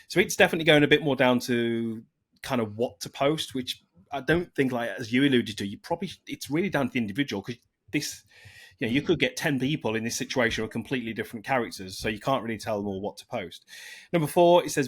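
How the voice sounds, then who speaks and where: Man, podcast co-host, mid-pitched voice, reads points aloud and comments, casual. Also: lively intonation, quick pace, fairly bright tone. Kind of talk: casual chat.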